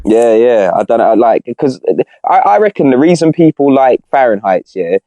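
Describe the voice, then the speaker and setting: A man's voice: medium pitch, sing-song, normal speed, mellow, dry recording. A young man on a podcast, chatting casually in rambling slang with lots of restarts. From Britain. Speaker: podcast co-host. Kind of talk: casual chat.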